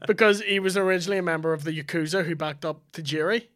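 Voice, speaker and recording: Podcast co-host, man with a slightly high voice, dry and profane, tells it deadpan. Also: fast talker. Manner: dry, swearing, storytelling banter. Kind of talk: casual comedic chat.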